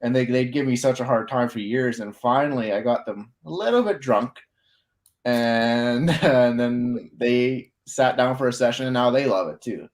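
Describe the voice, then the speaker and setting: A man hosting a casual author interview, relaxed and enthusiastic, filling his speech with "like.". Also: mid-range voice, normal speed. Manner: relaxed, says "like" often, enthusiastic. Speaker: interview host.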